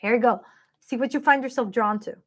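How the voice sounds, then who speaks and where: A woman's voice: a little high, fairly quick, fairly bright tone. A woman giving a live-streamed tarot reading in a chatty, upbeat way, talking straight to her viewers. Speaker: tarot card reader.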